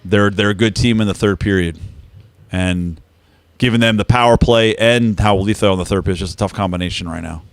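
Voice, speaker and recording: A man's voice: lowish voice, fairly quick, dry recording. A man co-hosting a live hockey watch-along in a studio, chatty and jokey as he reads out stats. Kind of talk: casual live chat. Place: team studio.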